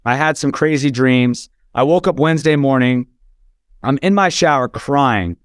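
Man, earnest storyteller, smooth resonant voice, dry close sound. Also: medium pitch, dry recording. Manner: earnest, emotional, frequent restarts. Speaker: podcast guest. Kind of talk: personal storytelling.

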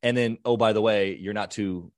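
A man's voice: lowish voice, steady tone, normal speed, dry recording, clean studio sound. A man hosting a podcast interview, talking conversationally and affirming his guest often. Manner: affirming, conversational, frequent agreement. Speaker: podcast host.

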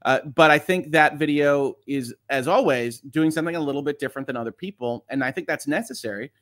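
Middle-aged male host, quick chatty delivery, slightly higher voice, casual livestream reading viewer comments. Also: a bit bright. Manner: fast-talking, chatty, reads comments aloud.

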